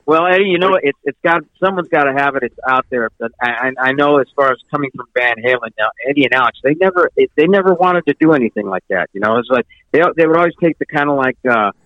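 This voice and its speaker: A man's voice: medium pitch, animated, fast, hardly any pauses, no echo, lo-fi sound. A man guesting on a radio show, rambling with many restarts. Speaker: bassist guest. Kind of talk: casual interview chat.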